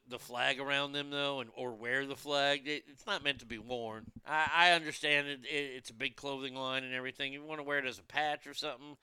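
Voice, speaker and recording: A man's voice: mid-range voice, sharp tone, clear, resonant tone, no echo. A man rambling casually about food, movies and wrestling, blunt and profane, with many restarts. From United States.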